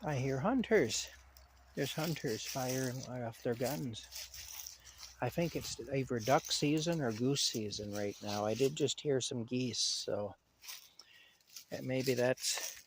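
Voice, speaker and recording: A man strolls outdoors at night, talking in a loose, rambling way. His voice sits at an ordinary middle pitch, and he often stops to chat fondly with his cat. A faint hiss sits behind him. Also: slow pace. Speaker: vlogger. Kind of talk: casual rambling monologue. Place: outdoors in a rural yard at night.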